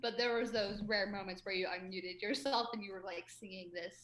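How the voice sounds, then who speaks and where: A woman's voice: medium pitch, steady tone, brisk, reverberant, a crowd in the background. A woman hosting a casual video chat, upbeat and teasing. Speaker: host.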